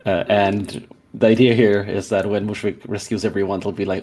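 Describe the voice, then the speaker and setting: A man playing a tabletop game, hesitant and pausing as he plans his moves. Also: fairly low pitch, level tone, darkish tone. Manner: hesitant, many fillers and restarts. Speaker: player. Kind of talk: tabletop role-play chat.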